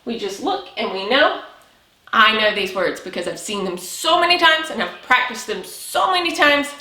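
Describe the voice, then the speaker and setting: Woman, preschool teacher, very high voice, lively swooping pitch, slow exaggerated delivery, praising. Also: roomy sound. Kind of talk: early reading lesson for young children.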